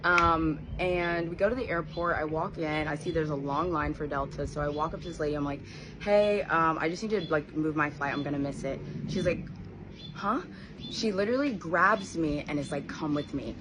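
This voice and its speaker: A young woman with a low, deep-set voice tells a personal story in a casual vlog. She is animated and slips into the voices of the people she quotes. Steady background noise sits under her voice. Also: moderate pace. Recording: noisy background ambience.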